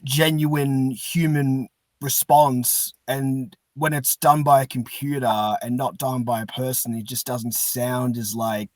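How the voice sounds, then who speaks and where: A man's voice: mid-range voice, steady tone, slow, no echo, rough recording. A man hosting a podcast, asking long eager questions with laughter. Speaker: podcast host. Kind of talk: casual interview chat.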